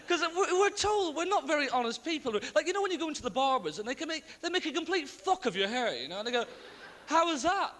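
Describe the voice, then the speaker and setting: A young man from Ireland, doing a stand-up comedy routine live on a theatre stage, tossing in deadpan asides and quick voices of other people. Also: very high-pitched. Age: young adult. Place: large theatre stage with audience. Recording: live theatre recording with long reverb and faint ambience.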